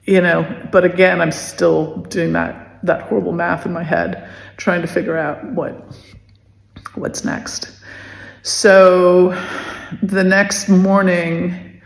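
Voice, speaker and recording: Halting, gravelly-voiced woman in an echoey room. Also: on the low side. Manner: halting, with many restarts and pauses; soft, emotional delivery. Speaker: podcast host telling her story. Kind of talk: personal recollection. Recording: echoey room with long reverb.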